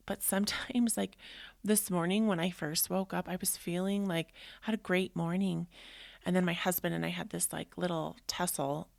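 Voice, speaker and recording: A woman in her thirties hosts a personal podcast and talks in a heartfelt, rambling way full of fillers. Her voice sits fairly low with a gravelly edge. The recording is close and dry, with no room sound. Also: no room sound. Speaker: podcast host. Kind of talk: casual personal podcast monologue.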